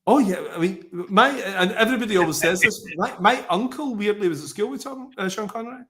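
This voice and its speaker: A man's voice: high-pitched, brisk, fairly bright tone, a little hiss or hum. A man from Scotland with a Scottish accent, chatting as a podcast guest and telling stories with self-mocking humor. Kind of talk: casual podcast chat.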